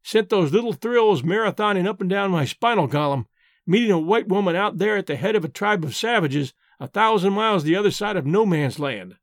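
A man narrating a story for an audiobook in a measured, deliberate way. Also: high-pitched, lively intonation, no room sound, clean studio sound.

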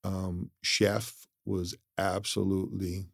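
Relaxed man, low voice, dry close sound. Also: slow, vocal fry, no room sound. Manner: relaxed, rambling with restarts. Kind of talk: casual travel chat.

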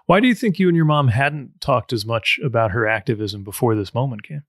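A male interview host asking measured, thoughtful questions. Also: mid-range voice, lively intonation, fairly bright tone, no room sound, clean studio sound.

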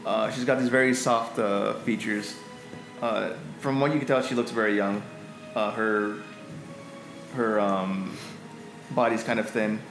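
Guy game-mastering, lots of uhs, lowish voice, echoey room. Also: fairly even intonation, over music. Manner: halting, many fillers. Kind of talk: narrating a tabletop game.

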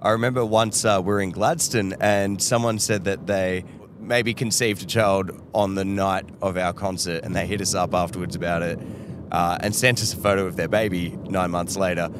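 A lower-pitched Australian man co-hosts a laid-back podcast, jumping in with quick remarks and plenty of laughs. Clear vehicle noise runs underneath him on the tour bus. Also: fairly even intonation. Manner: laughing, chiming in with quick reactions. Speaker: podcast co-host. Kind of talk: casual chat.

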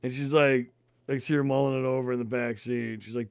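Podcast guy in his 30s swearing his way through a story, mid pitch, dead dry mic. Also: steady tone, fairly quick, creaky, darkish tone, clean tone, no echo. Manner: profane, storytelling, chatty. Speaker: podcast co-host. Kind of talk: casual chat.

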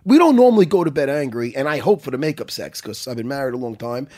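A middle-aged man with a husky, slightly rough voice tells a story in loose, profane casual chat. His pitch swings widely as he gets worked up. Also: lively intonation, fast talker, mellow.

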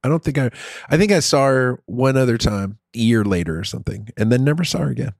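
A middle-aged man telling a story in casual chat, crude and profane with an animated, rambling delivery. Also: medium pitch, fast, creaky, no room sound, clean studio sound.

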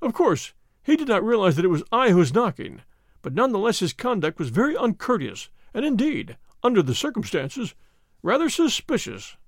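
A man reading aloud, voicing a fussy, excitable male college tutor who pleads in a high, flustered voice. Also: normal speed, dry recording, clean studio sound, heavily acted. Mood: indignant.

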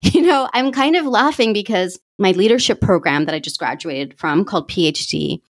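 Woman, podcast host, candid and animated, mid-pitched voice, dry close sound. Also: no room sound. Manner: candid, animated, self-revealing. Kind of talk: personal reflective monologue.

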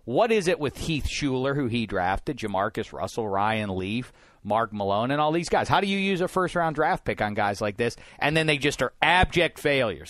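A man from Pittsburgh hosting a sports talk show in a studio, rambling and getting more animated and emphatic as he goes. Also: mid-range voice, normal speed, no room sound. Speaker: sports radio host. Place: broadcast studio.

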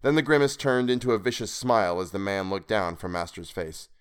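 A man narrating a weird tale in a measured, expressive reading. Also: fairly low pitch, smooth. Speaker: podcast reader. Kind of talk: scripted story narration.

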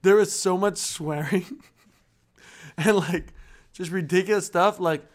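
A man with a high voice joins in on casual podcast banter. He jokes around and eggs the others on to keep the teasing going. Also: slow. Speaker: podcast co-host.

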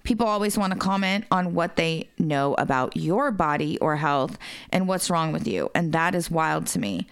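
Smooth-voiced woman reading letters. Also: deep voice, moderate pace, no echo. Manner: laughing, swears freely. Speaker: podcast co-host reading listener messages. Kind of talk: casual podcast chat, reading letters aloud.

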